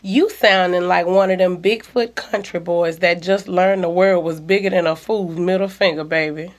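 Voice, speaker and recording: A woman's voice: lowish voice, fairly even intonation, lightly acted. A woman voicing a cocky, folksy man who drawls and teases in an audiobook story. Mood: teasing. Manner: folksy, teasing, unhurried. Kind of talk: audiobook dialogue.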